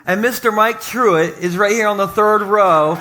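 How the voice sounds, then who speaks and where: A man preaching to his congregation in a lively, joking way, speaking in a church basement. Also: high-pitched, normal speed, noisy background. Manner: energetic, joking, talks to the congregation. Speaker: pastor. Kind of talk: lively sermon opening.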